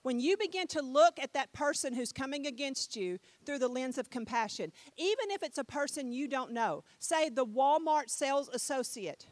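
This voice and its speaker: A middle-aged woman preaching a sermon, telling a story with animated swings between loud and soft and putting questions to her listeners. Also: high-pitched, moderate pace, hardly any pauses, no echo. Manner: talks with the audience, asks them questions.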